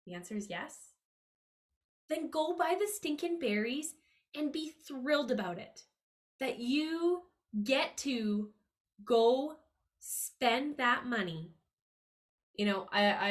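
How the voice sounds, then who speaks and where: A woman hosting a podcast, giving a motivational money-mindset monologue in an upbeat, emphatic and earnest way, her pitch leaping up on key words. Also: measured pace. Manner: earnest, confiding tone with listeners. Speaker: podcast host.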